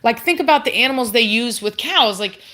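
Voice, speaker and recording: A woman's voice: fairly high pitch, animated, a little fast, bright, forceful tone. A woman breeding dogs, chatting casually on a livestream and teasing her puppies in a playful scolding way. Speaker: dog breeder hosting a livestream.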